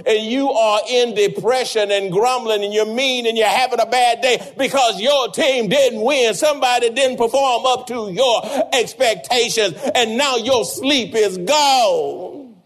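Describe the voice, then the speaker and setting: A man's voice: high-pitched, animated, unhurried. A man, an older pastor preaching a sermon with repeated, rising emphasis. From Louisiana.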